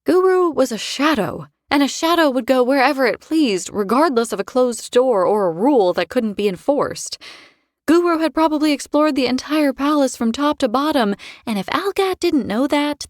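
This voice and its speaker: A woman narrating a first-person fantasy audiobook in a wry, expressive way. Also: sits high, moderate pace, no echo, studio quality.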